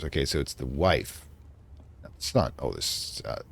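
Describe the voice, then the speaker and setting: A low-voiced man hosts a let's play with chatty, wry asides, his pitch swinging lively between comments. The sound is close-miked and dry, with no room echo. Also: a little slow, gravelly, pauses often, husky. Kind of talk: gameplay commentary.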